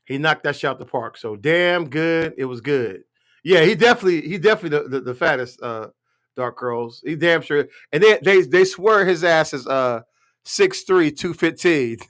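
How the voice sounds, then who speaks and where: Man, higher pitch, profane, blunt, rambling, live stream rant. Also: expressive, normal speed, fairly bright tone. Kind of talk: casual political rant.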